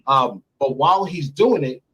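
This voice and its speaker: A man in his thirties, recounting a story candidly and profanely in an interview, getting animated as he goes. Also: moderate pace, slight background noise, poor audio. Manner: animated, profane, climbs high when excited. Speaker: interview guest. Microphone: remote stream mic.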